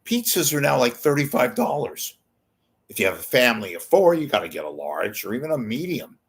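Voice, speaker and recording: A man's voice: mid-range voice, very animated, brisk, gravelly, breathy edge. A man hosting his own show, rambling casually and profanely with wisecracks. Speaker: show host. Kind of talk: casual livestream monologue.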